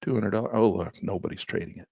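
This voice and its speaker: Man, low gravelly voice, hoarse, husky, trading instructor thinking aloud. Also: fast talker, a little mellow, no room sound. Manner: thinking aloud while placing trades. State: hoarse, clearing his throat. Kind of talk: live trading walkthrough.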